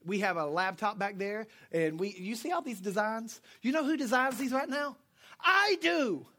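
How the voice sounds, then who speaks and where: A middle-aged man preaching a sermon as pastor, joking with the congregation and swinging from quiet asides to loud shouts. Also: high-pitched, moderate pace.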